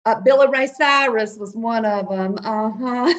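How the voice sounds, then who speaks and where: A woman's voice: fairly high pitch, a little slow. A woman in her fifties from Nashville with a Southern drawl, chatting folksily as a guest in a casual interview. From Nashville, Tennessee. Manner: folksy and playful, calls the host honey. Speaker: guest, company CEO.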